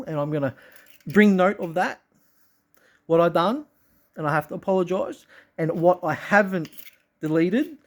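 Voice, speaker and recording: A man talking straight to his viewers in a rambling monologue, swearing constantly, restarting his sentences, and swinging between low mutters and loud outbursts. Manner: profane, intense and rambling, with frequent restarts. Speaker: vlogger.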